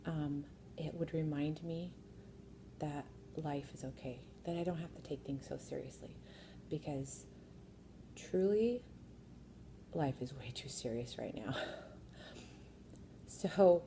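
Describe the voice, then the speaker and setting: A woman's voice: deep voice, vocal fry, warm tone, slight background noise. A mother casually telling a family story from her kitchen bar, wry and laughing at herself. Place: sitting at a home kitchen bar.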